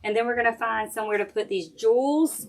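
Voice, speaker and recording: A woman's voice: a little high, a little fast. A middle-aged woman, chatting casually with viewers while she demonstrates a craft project on a livestream. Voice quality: chatty, folksy, talks straight to viewers while working. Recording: faint background noise and clicks.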